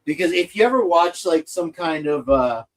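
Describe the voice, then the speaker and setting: Middle-aged male podcast co-host, slightly high voice, loose and joking delivery. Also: lively intonation, moderate pace, rough recording. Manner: rambling, jokey, distracted while fiddling with gear. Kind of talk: casual chat.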